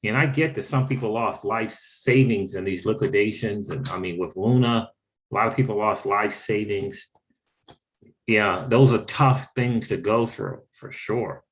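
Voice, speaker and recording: A man hosting a casual livestream, animated and exclaiming, repeating phrases for emphasis and greeting viewers from the chat. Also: lowish voice, unhurried. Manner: reads out and thanks chat viewers. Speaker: crypto livestream host.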